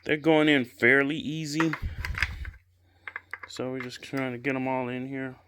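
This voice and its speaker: A man from the Chicago area casually reviews a gaming chair while assembling it at home, recorded on a handheld camera mic with background noise. His mid-range voice has fairly even intonation and a measured pace. The unscripted talk is chatty and rambling, full of "I guess" and "you know."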